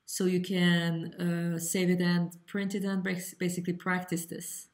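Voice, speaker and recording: A woman teaching an online rhythm lesson, chanting rhythm syllables and explaining in a relaxed, halting way. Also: fairly low pitch. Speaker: vocal workshop teacher. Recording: echoey room with loud background noise.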